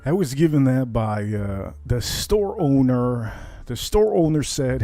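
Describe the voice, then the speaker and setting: A man hosting a whiskey cocktail livestream, chatting casually and rambling with animated asides. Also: mid-range voice, measured pace, soft background music.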